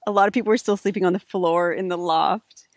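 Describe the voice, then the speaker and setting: A woman's voice: lowish voice, fast talker, dry recording, studio quality. A woman co-hosting a casual chat about filmmaking, talking animatedly and saying "like" often. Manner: animated, laughs easily, says "like" often. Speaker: co-host, filmmaker.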